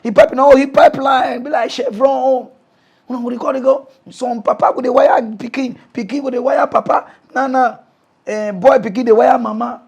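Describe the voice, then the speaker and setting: A man with a Nigerian Pidgin accent, hosting a mock news comedy show as an animated, laughing ranter who swings between shouting and muttering. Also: very high-pitched, moderate pace, breathy edge. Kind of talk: comic pidgin rant.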